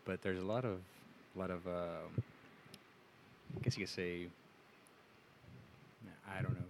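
A man's voice: low voice, steady tone, slow pace, gravelly, background noise. A young adult man co-hosting a podcast, telling crude jokes and laughing at them as he talks casually into a studio mic. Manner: crude, wisecracking, laughs at his own jokes. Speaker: podcast co-host. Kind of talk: casual chat.

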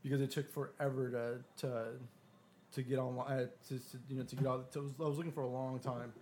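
A man telling a story on a podcast, swearing freely and throwing himself into the quoted lines of other people. His voice sits at an ordinary middle pitch, and he stumbles and restarts as he builds up to the next bit. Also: fast, a little hiss or hum. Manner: profane, animated retelling with quoted dialogue. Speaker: podcast guest. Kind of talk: casual storytelling.

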